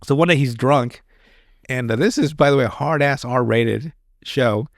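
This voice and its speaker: A man's voice: medium pitch, a little slow, gravelly, no echo. Profane rambling man, dry close sound. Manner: rambling and profane, with many restarts. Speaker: podcast host. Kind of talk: casual chat.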